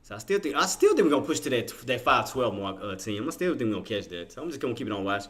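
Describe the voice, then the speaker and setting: Man, trading-stream host. Bright, forceful voice, mid pitch. Casual slang, thinks aloud, chats with viewers. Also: big pitch swings, racing. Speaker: day trader streaming live trades. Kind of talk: live trading commentary.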